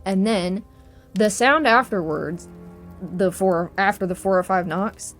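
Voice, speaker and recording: A woman's voice: medium pitch, a little slow. A young adult woman telling a spooky personal story in a casual social-media style, cursing freely and laughing as she goes. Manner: profane, chatty, laughs through it. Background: faint spooky piano music.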